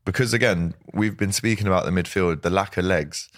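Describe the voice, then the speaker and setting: Chatty low-voiced man. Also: no echo, clean studio sound. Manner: chatty, laughs often, quick asides. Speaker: host. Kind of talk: casual football chat.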